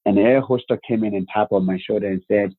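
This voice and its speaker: A man telling his life story as a guest, animated, with rhetorical questions and acted-out quotes. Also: lowish voice, brisk. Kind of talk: personal storytelling. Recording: phone-like narrow band.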